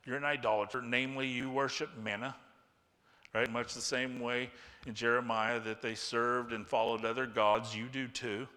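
A man preaching a sermon, animated and acting out the voices of the people in the story. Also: mid-range voice, moderate pace. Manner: animated, acts out quoted voices. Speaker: pastor. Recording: long hall reverb.

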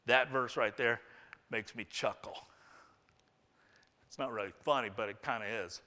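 A man's voice: mid-range voice, a little slow, pushed and bright, long reverb tail. A man preaching a sermon in a casual, conversational way, acting out a prophet's complaint with humor. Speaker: pastor.

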